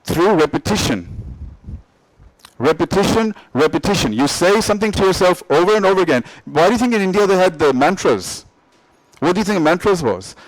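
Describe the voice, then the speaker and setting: Middle-aged male motivational speaker, high voice, emphatic, repeats himself, quizzes the crowd, dry close sound. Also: lively intonation, fairly quick, dry recording, low-quality recording. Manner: emphatic, repetitive, asks the audience questions. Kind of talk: motivational talk to an audience.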